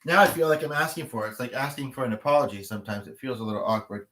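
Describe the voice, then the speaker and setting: A man's voice: medium pitch, racing, fairly bright tone, a little hiss or hum. A man hosting a livestream, chatting casually with viewers, rambling and thinking aloud as he goes. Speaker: livestream host.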